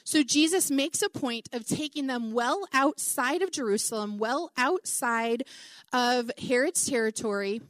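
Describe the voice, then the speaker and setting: A middle-aged woman preaching a conversational Bible teaching, animated and chatty, with many asides and "like"s. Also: fairly high pitch, a little slow, no echo, studio quality.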